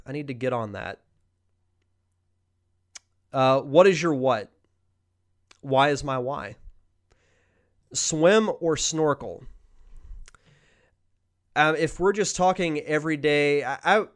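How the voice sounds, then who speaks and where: A young man hosting a podcast, chatting casually through a live Q&A, reading viewer questions aloud and answering off the cuff. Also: medium pitch. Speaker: podcast host.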